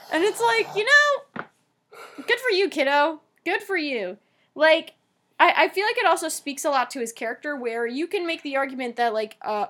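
A woman's voice: fairly high pitch, fairly bright tone. A young woman casually chatting as a podcast co-host, reflective and talkative, filling her sentences with "like". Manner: chatty and reflective, heavy use of "like". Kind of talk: casual chat.

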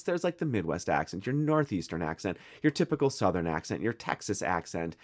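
An American man co-hosting a podcast, chatting casually and retelling an episode with quick asides. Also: low-pitched, sing-song. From United States. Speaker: podcast co-host. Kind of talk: casual chat reviewing a TV episode.

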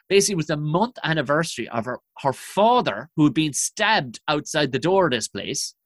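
Animated, sweary comedian. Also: male voice, on the high side, a little fast, few pauses, no room sound. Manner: animated, profane, self-mocking storytelling. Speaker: comedian guest. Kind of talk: storytelling podcast chat.

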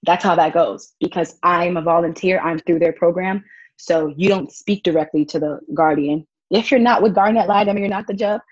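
A young woman who volunteers as a child advocate tells stories as a guest in a casual interview. She's animated, acting out what people said and laughing along, in a lowish voice at a moderate pace, recorded dry with the highs cut off.

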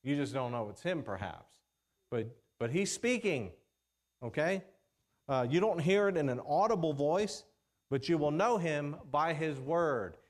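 A man preaching a sermon in a conversational way, reading scripture slowly and checking in with the congregation. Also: a little high, lively intonation. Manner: conversational, checks in with "okay?" and "all right?"; reads scripture slowly in King James wording.

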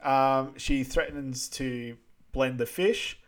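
A man's voice: mid-range voice, fairly even intonation, takes it slowly. Young male podcast co-host, casual recap delivery, chuckles often. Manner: laughs often while retelling scenes. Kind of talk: casual movie recap chat.

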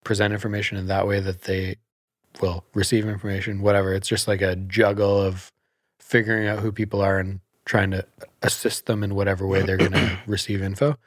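A man's voice: low-pitched, little pitch movement, fairly quick, no room sound, clean studio sound. A man who works as a realtor, talking in a casual podcast chat as a guest, telling stories animatedly and laughing often.

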